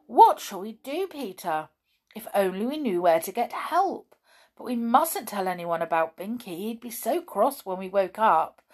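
A woman's voice: mid-range voice, big pitch swings, a little slow, darkish tone, voice pushed up. A woman voicing an anxious young girl in a storybook reading, fretful and pleading. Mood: worried.

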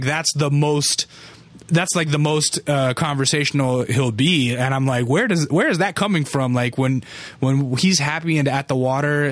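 A man's voice: mid-range voice, fairly bright tone, no room sound. Man, podcast host, dry close sound, casual profane storytelling, lots of fillers. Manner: loose and profane, full of fillers. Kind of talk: casual rambling storytelling intro.

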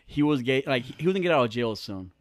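A man's voice: medium pitch, animated, rapid-fire, no echo, studio quality. A young man telling stories in a casual chat, slangy and profane, laughing often.

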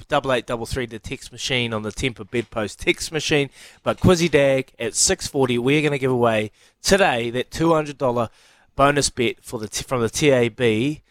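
A man's voice: mid-range voice, no room sound. A man hosting breakfast radio, upbeat and promotional. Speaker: radio host. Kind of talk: casual breakfast radio banter.

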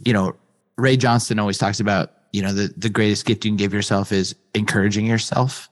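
A male interview host with a lowish voice, effusive and affirming, filling his speech with "you know". His words carry a long reverb, as if spoken in a large hall. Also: fairly even intonation, fairly quick. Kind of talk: conversational interview.

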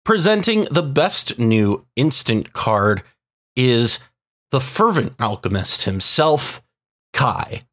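A man hosting a card-game awards show, introducing presenters with halting, self-mocking asides. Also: medium pitch, big pitch swings, fairly bright tone. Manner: hesitant filler-heavy asides.

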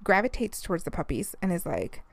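A woman's voice: lowish voice, big pitch swings, fairly quick, gravelly, dry recording. A woman podcast host who is also a mother, telling a story in casual chat, with lots of fillers and frequent laughs. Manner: chatty storytelling, many fillers, laughs often.

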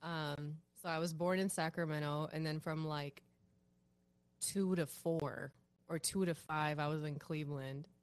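A woman from Ohio, a podcast guest, calmly talking about where she grew up. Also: deep voice, measured pace, smooth, dry recording. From Ohio, United States. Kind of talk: casual chat.

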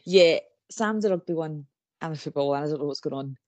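A woman's voice: low-pitched, a little fast, a little mellow, no echo. A woman co-hosting a true-crime podcast, chatting casually in a rambling way and laughing often. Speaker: podcast co-host.

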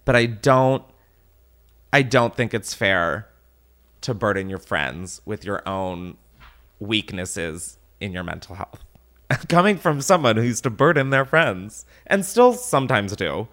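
A man's voice: on the low side, sing-song, slow, fairly bright tone. A man hosting a casual podcast, ranting animatedly with swearing and laughter. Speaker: podcast host.

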